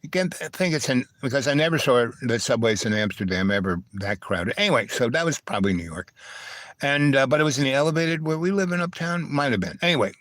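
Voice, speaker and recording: A man's voice: medium pitch, lively intonation, fast talker, a bit bright. A man in the middle of his voice range, spinning a loose, wandering anecdote for his live stream. He doubles back and digresses as he goes. The sound is dry and close, with no room echo. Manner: meandering, digressive, full of asides. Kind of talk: rambling personal storytelling.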